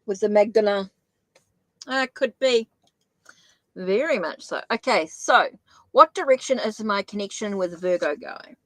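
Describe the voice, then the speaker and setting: A woman's voice: mid-range voice, expressive, unhurried, pauses often, a bit bright, no room sound, rough recording. Chatty New Zealand woman reading tarot. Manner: chatty, thinks aloud, many restarts. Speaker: tarot reader. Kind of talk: live-stream tarot reading.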